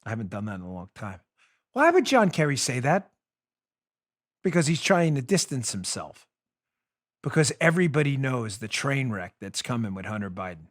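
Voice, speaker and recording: A man hosting a political talk show, emphatic and sarcastic, with rapid asides. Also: mid-range voice, sing-song. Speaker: host.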